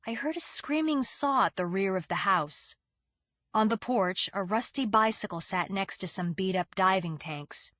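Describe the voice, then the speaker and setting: A woman narrates a mystery in the first person, with a wry, sardonic edge. Her voice sits at a middle pitch, recorded close and dry with a slightly muffled, lo-fi tone. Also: a bit bright, no echo. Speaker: audiobook narrator.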